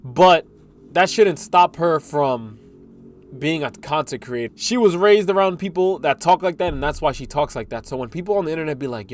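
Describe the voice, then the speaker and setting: A man's voice: on the high side, lively intonation, moderate pace. A man hosting a reaction video, giving casual, slangy commentary on clips he plays.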